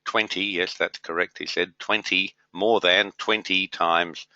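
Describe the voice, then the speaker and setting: A man's voice: low voice, steady tone, a little slow, pushed and bright, slight background noise. A middle-aged man hosting a trading webinar, chatting casually and greeting viewers by name with many fillers and matey asides. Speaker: webinar host and trading tutor. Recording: dull lo-fi webinar audio.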